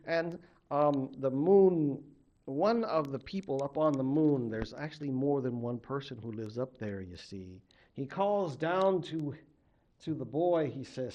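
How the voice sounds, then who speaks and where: A man from a Native American tribe, a college literature instructor telling a legend in an animated lecture, acting out the characters. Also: a little high, slow pace. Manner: animated, acts out the characters' voices. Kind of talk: storytelling lecture.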